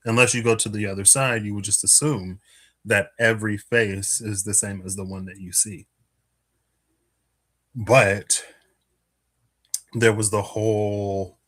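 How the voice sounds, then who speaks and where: A man with a fairly low voice gives a relaxed, casual card reading, thinking out loud as he lays out the cards. He pads his talk with fillers and soft chuckles and sounds a little out of breath. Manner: musing aloud, many fillers and little laughs. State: a bit out of breath. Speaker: tarot and Lenormand card reader.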